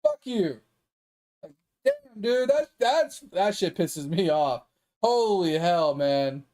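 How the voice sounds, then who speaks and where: Young man, gaming streamer, high voice, swearing, heated, exasperated. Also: wildly swooping pitch, slow pace, dark tone. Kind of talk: casual ranting commentary.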